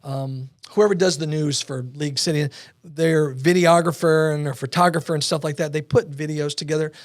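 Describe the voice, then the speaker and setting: A man telling his story as a podcast guest, animated and acting out the voices of people he quotes. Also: fairly high pitch, moderate pace, dry recording, studio quality. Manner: animated, acts out quoted dialogue. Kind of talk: storytelling interview talk. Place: podcast studio.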